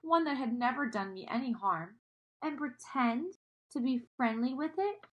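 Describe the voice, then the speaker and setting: A guilty, tearful male faun who talks through sobs and groans, as a woman reading aloud puts him on. His voice sits a little high and sounds heavy with sorrow. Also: expressive, a little slow. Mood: sorrowful. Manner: sobbing, sorrowful.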